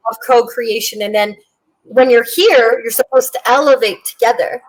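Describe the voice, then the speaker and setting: A woman's voice: fairly high pitch, normal speed, poor audio. A woman and military veteran chatting casually on a podcast, telling stories bluntly and animatedly with Southern slang.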